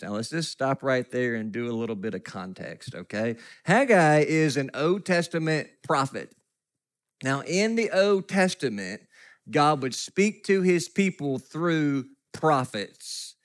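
A man's voice: mid-range voice, lively intonation, normal speed. Man preaching a folksy sermon. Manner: storytelling with self-deprecating humor and laughs. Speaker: pastor.

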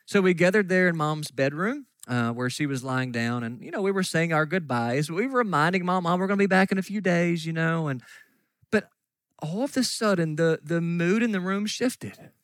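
Earnest pastor preaching, dry sound. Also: male voice, a little high, lively intonation, moderate pace, no echo. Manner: earnest storytelling, drops to soft near-whispers. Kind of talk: sermon.

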